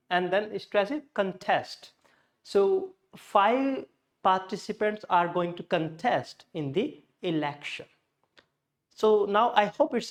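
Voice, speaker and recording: A man with an Indian English accent teaching pronunciation, patiently repeating words slowly to show where the stress falls. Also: sits high. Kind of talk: classroom lesson on word stress.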